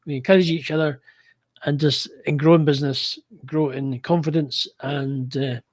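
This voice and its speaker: A man co-hosting a casual video call chat, teasing the others and talking in halting restarts. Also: on the high side, fairly even intonation.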